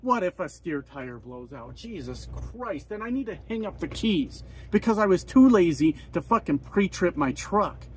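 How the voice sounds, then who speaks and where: A man's voice: high-pitched, animated, normal speed, few pauses, a little hiss or hum, poor audio. A man in his forties, a truck driver and vlogger, ranting in an exasperated, swearing, rambling way. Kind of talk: profane heated rant.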